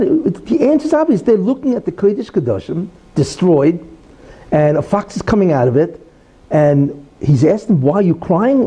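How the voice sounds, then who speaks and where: A man's voice: on the high side, dark tone, breathy edge, poor audio. A middle-aged man who is a rabbi giving a Torah lecture, telling the story animatedly with many asides.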